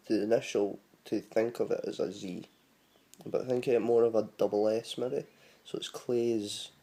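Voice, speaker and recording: Scottish male vlogger, gravelly and dark-toned, rambling casual explainer. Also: fairly low pitch. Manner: chatty and rambling, spells words out letter by letter. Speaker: vlogger teaching Scottish words.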